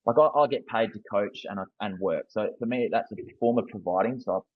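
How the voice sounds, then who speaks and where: A man's voice: lowish voice, fairly quick, breathy edge, no echo, highs cut off. An Australian man in his thirties, a football coach speaking as a guest in a casual interview, candid and earnest, often restarting his sentences.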